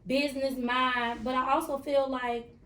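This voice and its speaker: A woman guest on a casual podcast chat, quick with emphatic comebacks. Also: high-pitched, level tone, pushed and bright. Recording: echoey room.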